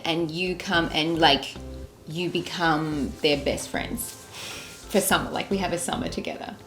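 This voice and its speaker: A woman's voice: lowish voice, a bit bright. An Australian woman from Melbourne hosting a podcast, chatting with a child guest in a bubbly, encouraging way. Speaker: podcast host. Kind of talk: casual chat with a child guest. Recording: echoey room with music behind.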